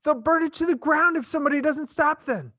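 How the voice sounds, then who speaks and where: A man's voice: extremely high pitch, a little fast, a bit bright, dry recording, studio quality, pitched above the performer's own voice. A man voicing a young woman schoolteacher, pleading urgently and out of breath, in an audiobook reading. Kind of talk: audiobook character voice.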